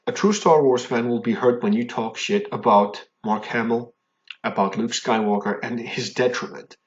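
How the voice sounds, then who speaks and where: A man at a middling pitch delivers a heated, indignant rant straight to camera. He repeats himself and restarts when worked up, and keeps tagging his points with a pointed "okay?". The sound is dull and lo-fi, like a cheap home mic. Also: moderate pace. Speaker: fan commentary vlogger. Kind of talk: angry ranting monologue.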